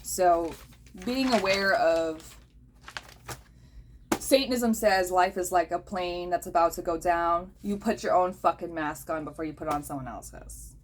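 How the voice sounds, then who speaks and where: Blunt, profane woman with a lowish voice. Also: measured pace, a little hiss or hum. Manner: blunt, profane, checks in with "okay?". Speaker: host. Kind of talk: casual talk.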